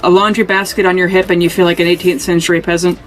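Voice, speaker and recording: A podcast co-host in casual chat, making quick joking asides. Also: medium pitch, little pitch movement, soft background music.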